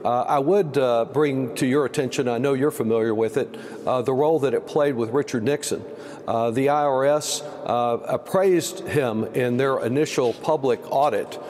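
A man's voice: medium pitch, normal speed, darkish tone. A man from Texas, a congressman, answering a news interview in a pointed, emphatic way with many fillers. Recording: long reverb, faint background noise.

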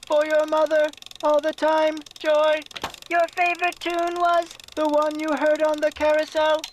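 A woman voicing a memory machine in a mystery game, speaking in flat, programmed announcements. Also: high-pitched, a little slow, slight background noise. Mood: flat, mechanical. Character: Miles, a female-voiced memory machine.

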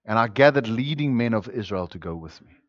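A male pastor preaching a sermon, swinging between loud, emphatic declarations and quiet, intimate passages. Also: lowish voice, lively intonation, fairly quick, dry recording. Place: church. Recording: dull, dry lo-fi sermon recording.

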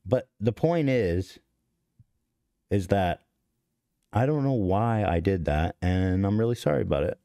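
A man's voice: low voice, animated, unhurried, creaky, pauses often, dark tone, no echo, studio quality. A man in his thirties hosting a podcast, telling a story in a rambling, profane, self-deprecating way with frequent restarts. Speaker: podcast host. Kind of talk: casual storytelling to stream chat.

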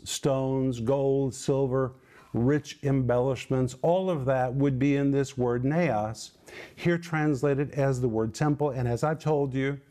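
A middle-aged man teaching the Bible on television, speaking earnestly and building to forceful exhortation. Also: mid-range voice. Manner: emphatic, rising to forceful exhortation.

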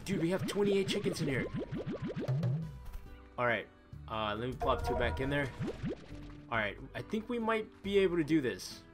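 A man doing excitable, chatty commentary as he plays a video game, thinking aloud and exclaiming often. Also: medium pitch. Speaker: let's play gamer. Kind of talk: live gaming commentary. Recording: voice over loud game music. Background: game music.

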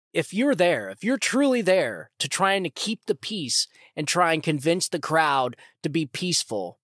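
A man's voice: a little high, fairly bright tone, no room sound, clean studio sound. A man hosting his own podcast, giving heated political commentary in an indignant, repetitive way and often calling his listeners "folks". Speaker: podcast host.

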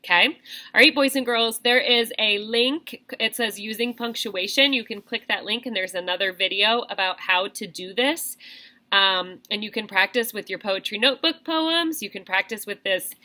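A young woman teacher explaining reading to small children in an animated, sing-song classroom voice. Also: mid-range voice, moderate pace.

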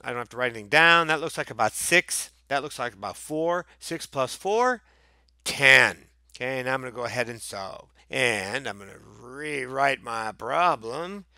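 A man's voice: a little high, pushed and bright, no room sound. A man teaching a math lesson on video, playful and theatrical, talking to students as his friends.

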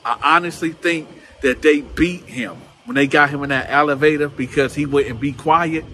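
A man telling a story casually to camera, lively and acting out other people's voices. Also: on the high side, moderate pace, a little hiss or hum. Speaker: channel host telling prison stories.

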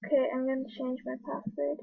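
A woman's voice: sits high, level tone, fast talker, vocal fry, breathy edge, dry recording. A woman chatting casually over a screen recording, rambling and jittery, with frequent gasping exclamations, recorded on a computer mic. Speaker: video creator. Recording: tinny phone-like dry recording.

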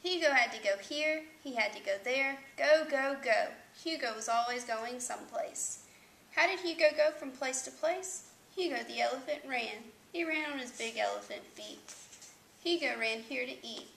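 A woman's voice: a little high, moderate pace, gravelly, fairly bright tone, echoey room, poor audio. A woman reading a children's picture book aloud with sing-song storytelling emphasis.

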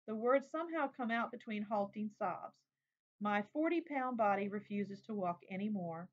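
A woman's voice: mid-range voice, lively intonation, normal speed. Woman reading a memoir aloud. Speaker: reader. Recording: dull lo-fi recording.

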